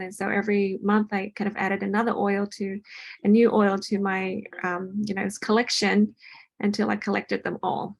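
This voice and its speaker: A woman's voice: medium pitch, level tone, normal speed, gravelly. A woman hosting a casual home chat, talking loosely with lots of ums and restarts. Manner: chatty, many ums and restarts. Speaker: host. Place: home with a party in another room.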